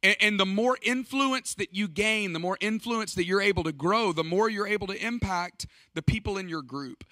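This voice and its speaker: A man's voice: high-pitched, moderate pace, bright, forceful tone, dry recording. A middle-aged man speaking at a church leadership conference, telling stories in an emphatic, conversational way. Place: church stage.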